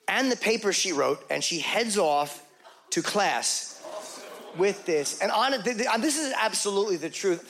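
A man's voice: high voice, fairly bright tone. A man performing a stand-up comedy set on stage, confessional and self-mocking, acting out bits of dialogue in put-on voices. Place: comedy stage before a live audience.

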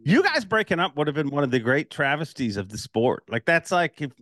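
A man's voice: a little high, big pitch swings, brisk, a bit bright. A man from Ireland hosting a podcast, telling stories casually with lots of laughter. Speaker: podcast host. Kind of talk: casual interview chat.

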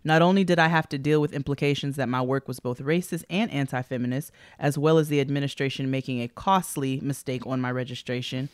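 A woman's voice: very deep voice, fairly even intonation, a little fast, hardly any pauses, clear, resonant tone, no echo, studio quality. A woman co-hosting a podcast, reading listener letters aloud in an upbeat, playful way and hyping up the listeners. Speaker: podcast co-host.

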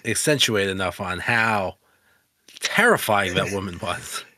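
A man co-hosting a podcast in casual chat, conversational and quick to agree, with some swearing. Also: low voice, lively intonation, pushed and bright, a little hiss or hum. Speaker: podcast co-host.

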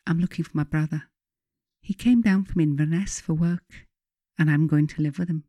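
A frail, streetwise teenage girl with a broad Scottish accent, voiced by a woman reading her own story. She talks bluntly in short, jerky bursts. The tone is warm and mellow, and the recording is dry and close. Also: deep voice, fairly even intonation, moderate pace, no room sound. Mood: breezy.

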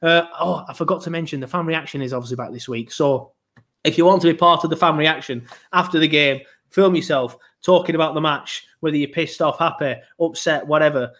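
A man's voice: fairly high pitch, fairly quick, fairly bright tone. A young man hosting a podcast in casual chat, rambling and swearing as he goes. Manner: rambling, swearing, self-interrupting. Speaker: podcast host.

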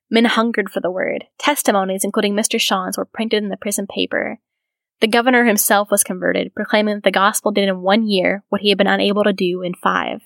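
Gravelly-voiced woman narrating a story. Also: mid-range voice, a bit bright, no room sound. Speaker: podcast host. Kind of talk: reading a biography aloud with commentary.

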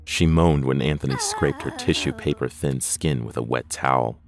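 A man narrating a horror story in a measured, deliberate scripted reading. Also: very deep voice.

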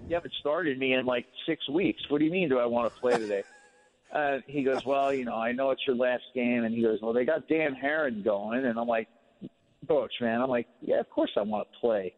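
A man's voice: medium pitch, normal speed, big-room sound. Man telling stories over a tinny phone line. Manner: relaxed, rambling, many fillers like "you know". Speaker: former ballplayer, guest. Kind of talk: radio interview, storytelling. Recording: phone-line sound on radio.

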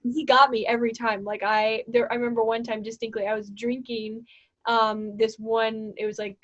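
A woman in her twenties with a slightly high voice tells a story in a loose, chatty way. She acts out the other people's lines with rising energy. The recording is dry and a little lo-fi. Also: moderate pace, no room sound. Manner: animated, laughing, acts out quoted voices. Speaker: co-host. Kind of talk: casual storytelling. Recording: dull lo-fi sound.

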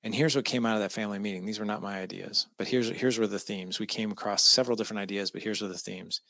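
Low, gravelly male guest, bright and emphatic, moved as he tells a family story; dry close sound. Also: fairly even intonation, fast talker, no echo. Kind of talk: personal storytelling.

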